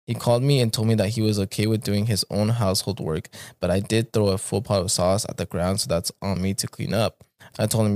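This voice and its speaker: A man's voice: on the low side, steady tone, moderate pace, darkish tone, no room sound, studio quality. A man hosting a podcast, reading stories aloud in a laid-back, casual way and swearing freely.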